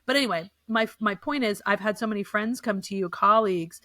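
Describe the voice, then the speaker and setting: A middle-aged woman, telling her own story in an earnest, animated way as a guest. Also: medium pitch, a little fast, no echo. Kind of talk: casual chat.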